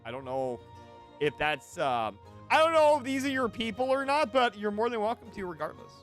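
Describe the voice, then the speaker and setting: A man's voice: high voice, huge pitch swings, moderate pace, fairly bright tone, soft background music. A man hosting a game stream, chatting playfully with a co-host and reading chat aloud.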